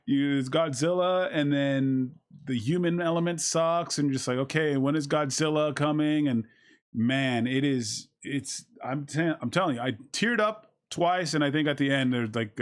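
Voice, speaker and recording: A man giving a casual, excited spoken movie review, rambling with many fillers and restarts, and acting out his reactions with sudden shouts. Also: mid-range voice, unhurried.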